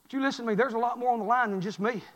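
A man, preaching a sermon as pastor, swinging from quiet murmurs to shouted fervor. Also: very high-pitched, racing. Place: church sanctuary. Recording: long echo of a church sanctuary.

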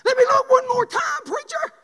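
Man doing a pleading tempted man, wheedling, very high voice, long hall reverb. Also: fairly even intonation, moderate pace, creaky, sharp tone, heavily acted. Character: tempted man pleading for one more look.

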